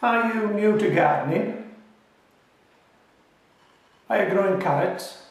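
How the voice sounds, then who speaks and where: A man's voice: high voice, lively intonation, slow. A man from the United Kingdom hosting a gardening channel, chatting casually and reassuringly, joking and laughing at himself, sometimes with his mouth full. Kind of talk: casual friendly how-to talk. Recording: very echoey, voice from a distance.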